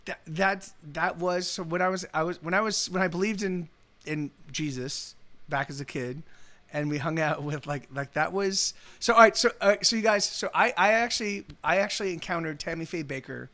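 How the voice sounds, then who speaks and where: A man's voice: on the high side, moderate pace, pushed and bright. A man hosting a live music stream, chatting casually and rambling with many restarts and laughs. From Southern California. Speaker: streamer host.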